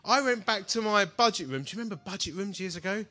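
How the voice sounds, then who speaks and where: A man preaches to an audience in a big hall. His voice sits high and sounds bright, and it swings widely in pitch as he tells his story with animated energy. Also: fast talker. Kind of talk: sermon with personal testimony. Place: large hall before an audience.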